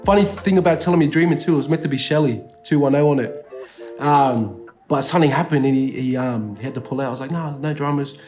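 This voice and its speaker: A man's voice: mid-range voice, fast talker, darkish tone, soft background music. Laid-back Australian man, slangy chat. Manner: laid-back, slangy, swears freely, many fillers. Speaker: rapper interviewed as guest. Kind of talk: casual interview chat. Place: indoor studio.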